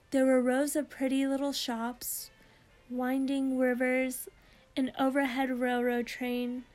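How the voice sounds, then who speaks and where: A woman reading a children's storybook aloud in a lively, expressive way. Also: fairly high pitch. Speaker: narrator.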